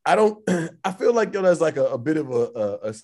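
A podcast co-host rambles through his point in casual conversation, packing it with slang, fillers and restarts. His voice is a little high, very animated and brisk, with a darkish tone.

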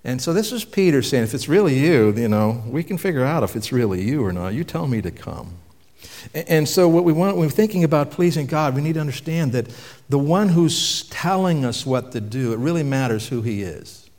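A man preaching a sermon in a conversational way, asking the audience questions and dropping his voice for emphasis. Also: a little high. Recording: long reverb from a hall.

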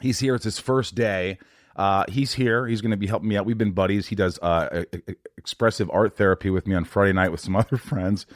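A man in his forties hosting a podcast, talking in an amped-up, energetic, rambling way. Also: lowish voice, brisk, no echo, clean studio sound. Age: 40s. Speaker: podcast host. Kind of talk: casual interview chat.

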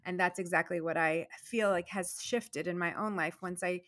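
A middle-aged dentist and entrepreneur tells her story animatedly in a casual interview, drifting off into tangents. Her voice is on the low side and fairly bright, with a steady tone and moderate pace.

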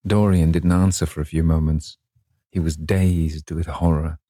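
A man narrating a classic novel as an audiobook, measured and expressive. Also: rumbling low, no echo, studio quality.

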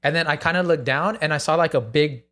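A man's voice: fairly high pitch, fast talker, a bit bright. A man in a casual chat, telling a wild story with gasps, acted-out quotes and plenty of swearing.

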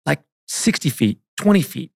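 Gravelly man telling profane golf stories. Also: fairly high pitch, moderate pace, dry recording, clean studio sound. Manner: profane, animated, says "bro". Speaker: podcast host. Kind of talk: casual storytelling. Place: podcast studio.

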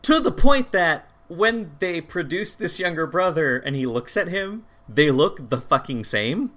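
A man's voice: on the high side, measured pace. A man co-hosting a podcast, chatting casually about a movie and swearing often. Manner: animated, frequent swearing. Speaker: podcast co-host. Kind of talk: casual chat reviewing a movie.

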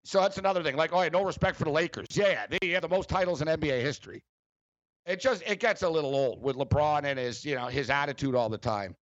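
A man's voice: fairly high pitch, fast talker, dry recording, muffled recording. A man hosting a sports talk radio show, ranting sarcastically with lots of fillers.

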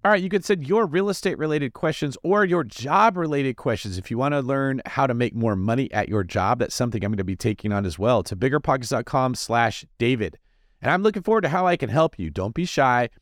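Animated man hosting a podcast. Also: mid-range voice, brisk, no echo, studio quality. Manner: animated, jokey, fidgety delivery. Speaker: podcast host. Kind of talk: energetic casual monologue.

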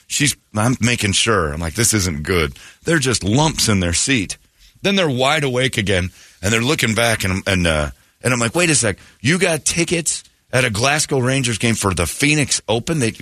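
Male morning host, animated and bright, dry close studio sound. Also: fairly low pitch, dry recording. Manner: animated, laughing, puts on voices in quotes. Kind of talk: casual storytelling chat. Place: radio studio.

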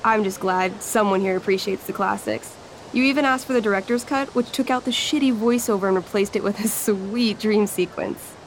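A woman playing a friendly young female store clerk in a video game, speaking in a relaxed, approving way. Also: mid-range voice, normal speed, slight background noise, natural voice, low-quality recording. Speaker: game character.

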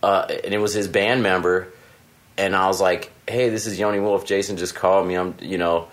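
Deep-voiced guy hosting a chill chat in a hotel room, rambles and acts out phone calls. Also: fairly even intonation, fairly quick. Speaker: podcast host. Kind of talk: casual chat.

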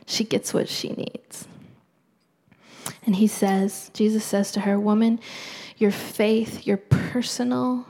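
Woman preaching with a gravelly edge. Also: mid-range voice, fairly even intonation, takes it slowly, long pauses, mellow. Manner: earnest, conversational with fillers. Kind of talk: sermon.

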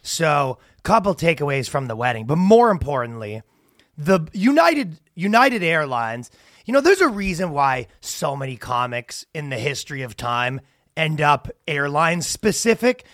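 A man with a high, lively voice co-hosts a casual comedy podcast. He rants through stories and acts out each person in them. The sound is dry and close. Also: measured pace, no room sound. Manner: animated storytelling with acted-out quotes. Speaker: podcast co-host.

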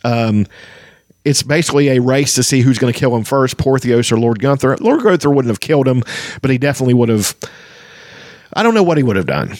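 A man's voice: mid-range voice, expressive, darkish tone, no echo, studio quality. A man reading passages of a fantasy novel aloud and chatting about them, with frequent ums and restarts. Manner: halting, many ums and restarts. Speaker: podcast host discussing a fantasy novel. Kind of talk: reading aloud and casual commentary.

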